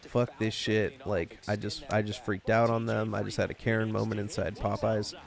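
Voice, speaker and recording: A young man chats casually on a podcast, and his voice has a gravelly, fry-laden edge. He rambles through a long story, swearing freely and stacking up fillers as he goes. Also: lowish voice, flat delivery, moderate pace, crowd noise. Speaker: podcast co-host. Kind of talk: casual profane chat.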